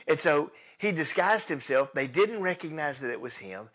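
A pastor preaching an Easter sermon, retelling the scripture with animated storytelling and acted-out dialogue. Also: male voice, medium pitch, normal speed, hardly any pauses.

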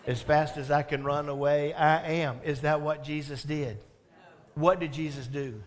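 This sermon comes from a pastor whose male voice sits a little high and moves a little slowly. He recounts the story with lively energy, putting questions to the congregation and sharing laughs with them.

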